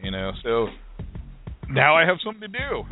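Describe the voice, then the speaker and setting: A man's voice: medium pitch, huge pitch swings, a little fast. A man co-hosting a live call-in comedy radio show, trading crude, mocking insults and laughing at his own jokes. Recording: phone-quality live radio stream with faint music.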